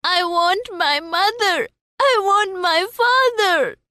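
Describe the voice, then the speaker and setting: A small lost boy, put on by a woman, calls out in a high, strained voice, desperate and frightened. His cries are wailing and pleading, pushed up well above her normal speaking voice, and the recording is dry and close. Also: slow, no room sound.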